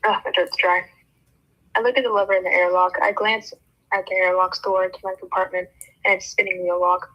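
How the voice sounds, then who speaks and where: A woman's voice: lowish voice, little pitch movement, brisk. A woman reading a novel aloud for a book club, breaking off now and then for joking comments. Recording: dull lo-fi sound.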